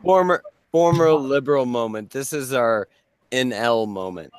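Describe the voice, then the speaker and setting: A man hosting a casual talk show, joking and swearing as he bounces off his co-hosts. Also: mid-range voice. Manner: joking, swearing, quick to laugh. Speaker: podcast host.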